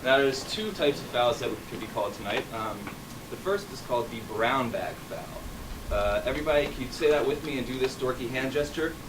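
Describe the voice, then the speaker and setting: Hosting and refereeing a live improv comedy show on a theater stage, a man coaxes the crowd in a playful, upbeat way. His medium-pitched voice is expressive and a little fast, picked up from a distance in a noisy live room.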